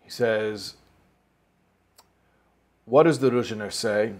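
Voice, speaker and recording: A man's voice: lowish voice, slow pace. A man teaching a Torah class as a rabbi, telling a story and explaining it, with Hebrew and Yiddish words mixed in and rising emphasis.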